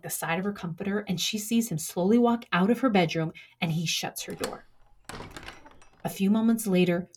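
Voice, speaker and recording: A young woman telling a true crime story from her own life, measured, with dramatic pauses. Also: lowish voice, darkish tone, husky. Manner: measured, dramatic pauses, acts out quoted lines.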